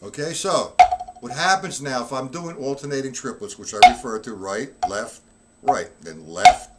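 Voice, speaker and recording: Heavy background noise surrounds a man with a mid-range voice teaching drums on a live stream. His intonation is lively and his pace moderate; unwell, he coughs now and then and counts beats aloud while showing how it's done.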